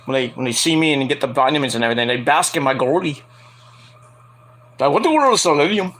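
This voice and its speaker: A man hosting a casual podcast, rambling and joking while he watches a game, with loud outbursts. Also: medium pitch, expressive, fast talker. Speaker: podcast host.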